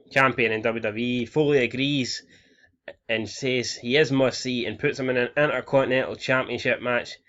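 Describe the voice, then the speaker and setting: A man's voice: mid-range voice, fairly bright tone, dull audio. Casual, profane young man commentating a game. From Scotland. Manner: casual, profane, reading out ratings. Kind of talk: casual let's-play commentary.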